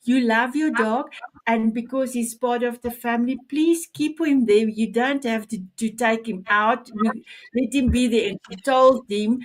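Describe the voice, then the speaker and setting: A woman hosting an interview show, asking questions and telling a story in a halting way, often repeating words. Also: a little high. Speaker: show host.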